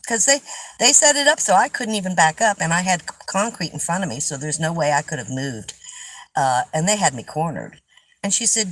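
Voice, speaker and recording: A woman's voice: lowish voice, lively intonation, normal speed, no echo, poor audio. A woman in her seventies, hosting a live stream and telling a story in a rambling, chatty way, laughing often. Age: 70s. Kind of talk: casual storytelling chat.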